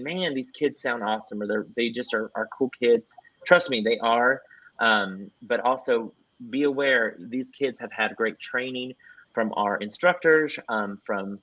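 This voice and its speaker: An upbeat man hosts a casual livestream chat, rambling cheerfully and plugging events between chuckles. His voice sits at an ordinary middle pitch. The sound is dry and a little dull, like a lo-fi stream. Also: normal speed, bright, forceful tone, no echo. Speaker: host.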